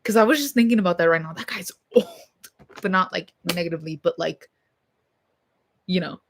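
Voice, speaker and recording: A woman's voice: fairly low pitch, a little fast, a little hiss or hum. A young woman vlogging at home, talking casually to her viewers in a rambling, blunt way and swearing freely. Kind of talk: casual rambling chat to camera.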